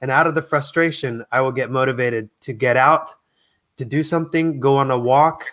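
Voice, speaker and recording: A man speaking as a guest in a casual interview, talking in an earnest, reflective, soft-spoken way. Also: mid-range voice, moderate pace. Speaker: guest singer.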